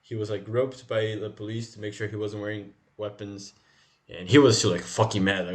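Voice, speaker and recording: Low-pitched guy rambling on a podcast, swears a lot, laughs between bits. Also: brisk. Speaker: podcast co-host. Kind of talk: casual chat.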